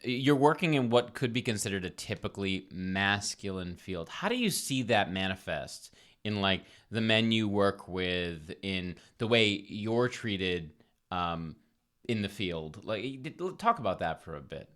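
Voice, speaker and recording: Host, from Rhode Island, animated delivery, casual chat with easy laughs. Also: deep voice, unhurried. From Providence, Rhode Island. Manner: lively, laughs easily, stumbling questions. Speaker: podcast host.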